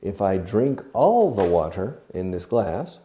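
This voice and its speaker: A man's voice: low-pitched, sing-song, slow, dark tone, slight background noise. A man teaching English verbs, acting each one out, spelling words and repeating phrases, with asides in Spanish. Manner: switches into Spanish to explain. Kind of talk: slow demonstrative language lesson.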